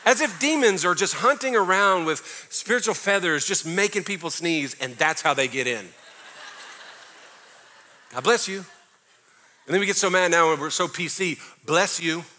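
A man's voice: high-pitched, expressive, fairly quick, few pauses, bright, forceful tone. A middle-aged man preaching a sermon as pastor, emphatic and conversational, breaking into mocking little prayer impressions.

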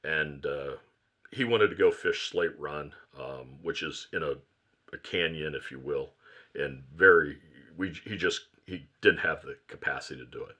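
Podcast guest, male, low voice with a bright edge, rambling storyteller. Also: normal speed. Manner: rambling storyteller, self-correcting. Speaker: guest, fly shop owner.

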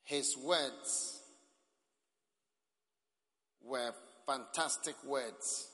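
A man preaching a sermon at a camp meeting, speaking emphatically, often rising to shouts and calling for amens. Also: mid-range voice, very slow. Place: large hall at a camp meeting. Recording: echoey hall.

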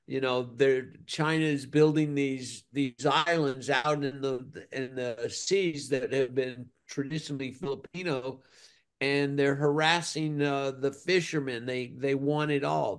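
A man's voice: medium pitch, steady tone, measured pace, clear, resonant tone. A man speaking as a guest in a casual discussion, earnest and building concern as he talks. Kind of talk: casual chat.

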